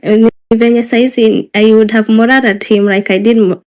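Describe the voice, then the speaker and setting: A woman's voice: a little high, fairly even intonation, moderate pace, darkish tone. A woman with a Kenyan accent moderating a live online discussion, insistent and emotional, mixing Swahili phrases into her English. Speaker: moderator of a live audio space.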